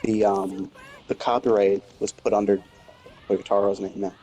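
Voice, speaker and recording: A man's voice: on the low side, level tone, moderate pace, mellow. A man chatting casually as a gaming co-host, laid-back, reacting briefly to stories. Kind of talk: casual chat.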